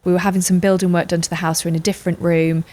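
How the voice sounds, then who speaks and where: A woman's voice: fairly low pitch, level tone, very fast, a little mellow. A woman, telling stories in a casual chat and acting out what people said. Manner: chatty storyteller, acts out quotes. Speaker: podcast co-host or guest.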